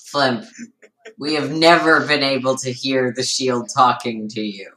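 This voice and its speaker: A woman playing a tabletop game, talking with a dry, deadpan delivery. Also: very deep voice, unhurried, poor audio. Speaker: player.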